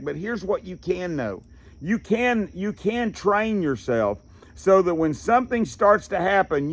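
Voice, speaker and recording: Folksy man explaining anger control. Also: fairly high pitch. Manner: folksy, conversational, fillers and restarts. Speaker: therapist teaching anger control. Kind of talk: casual lecture.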